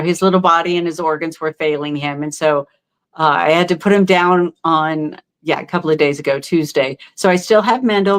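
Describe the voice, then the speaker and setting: A middle-aged woman telling her own story as a podcast guest, heartfelt and halting, with many fillers and restarts. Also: on the low side. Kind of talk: candid interview storytelling.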